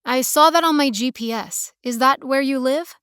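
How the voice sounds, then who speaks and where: A woman's voice: high-pitched, moderate pace, a bit bright, clean tone, no room sound, clean studio sound. A woman voicing a stranded city woman who talks in a guarded, stiff, precise way. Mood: wary.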